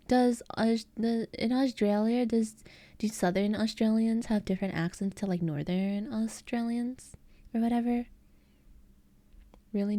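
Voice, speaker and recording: Mellow-voiced giggly American streamer woman. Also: medium pitch, no echo. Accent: Eastern American. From United States. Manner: giggly, chatty, answers chat messages. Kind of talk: casual chat with live chat.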